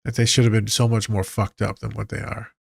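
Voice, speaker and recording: A man's voice: fairly low pitch, little pitch movement, brisk, vocal fry, slightly rough, dry recording, studio quality. A man, a therapist hosting a podcast, talking casually, candid and profane with a joking edge.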